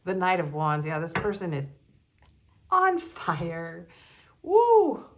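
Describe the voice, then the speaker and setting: A woman's voice: fairly low pitch, big pitch swings, slow, a bit bright. A woman giving a casual tarot reading, chatty and giggly, with many ums and likes. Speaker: tarot reader.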